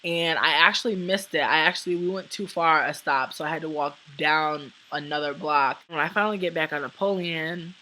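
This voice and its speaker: A young woman with a bright, forward voice tells a rambling true story to camera. Her talk is casual and heavy with swearing, and she acts out the people in it. A faint hiss sits under the recording. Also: deep voice, fairly quick, few pauses, low-quality recording. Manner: profane, animated, acts out what people said. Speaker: vlogger.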